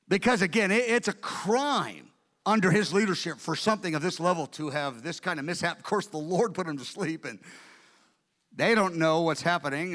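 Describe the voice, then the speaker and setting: A man preaching a sermon, telling the story in an animated, conversational way. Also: sits high, in a large hall.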